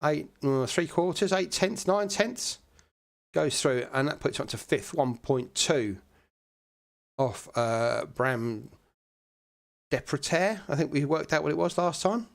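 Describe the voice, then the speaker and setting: A man giving relaxed, chatty live commentary on an online sim race, with plenty of fillers. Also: fairly high pitch, unhurried, gravelly.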